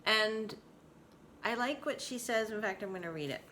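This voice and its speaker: A woman's voice: medium pitch, moderate pace, pushed and bright, slight background noise. A woman in her forties talking candidly to her home vlog audience, open and emotional, often close to laughing. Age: 40s. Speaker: vlogger. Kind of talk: casual personal vlog talk.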